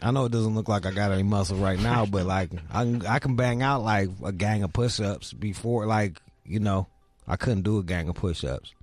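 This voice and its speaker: A young podcast host chats casually, teasing with crude talk and heavy swearing. His voice is fairly low and moderately paced, recorded with no echo and faint music behind.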